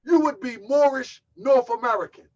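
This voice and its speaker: A man giving emphatic preaching commentary as a religious teacher, slowing down and repeating lines for stress. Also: very high voice. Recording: dull lo-fi audio.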